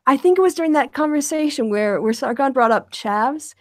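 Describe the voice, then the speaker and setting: An American woman hosting a casual video call chat, bubbly and quick to laugh as she tells stories. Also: sits high, expressive, dry recording, clean studio sound. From United States. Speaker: host.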